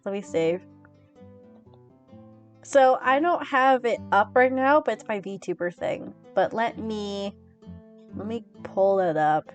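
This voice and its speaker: A young woman streaming from home, chatting casually with her viewers and giggling constantly. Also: medium pitch.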